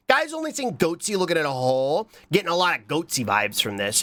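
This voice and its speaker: Here the same cold-congested livestreamer talks briskly with hardly any pauses, his pitch swinging hugely in a slightly bright tone, recorded dry. He reacts to videos and reads chat in a casual, scattered, goofy way, often repeating "What?" and letting out squeaky high bursts.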